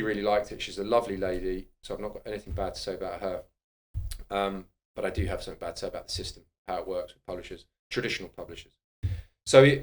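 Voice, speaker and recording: A middle-aged man talks in a fairly low voice. He tells candid, animated stories and swears bluntly, like a guest in casual conversation. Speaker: guest, personal trainer and author.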